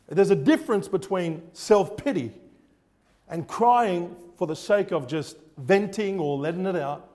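A man's voice: high-pitched, normal speed, warm tone. A man preaching a fervent sermon, repeating words for emphasis and quizzing his listeners on scripture. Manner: fervent, repetitive, quizzes the congregation.

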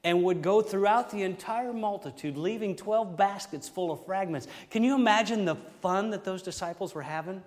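A middle-aged preacher with a drawl, his voice sitting a little high for a man. He tells folksy stories and exclaims as he preaches, with the long echo of a church hall trailing behind each line. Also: moderate pace, hardly any pauses, a little mellow. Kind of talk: storytelling sermon.

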